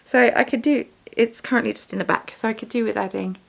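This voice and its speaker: Chatty woman with a gravelly edge. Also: fairly high pitch, quick pace. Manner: rambling, self-deprecating, chatty. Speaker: vlogger, yarn dyer and shop owner. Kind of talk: casual chat while bead weaving.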